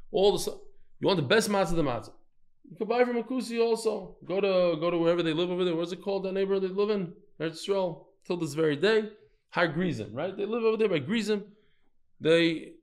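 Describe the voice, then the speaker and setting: Male Talmud teacher, slightly high voice, animated storyteller in front of a live class. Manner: animated, storytelling, quizzes the listeners.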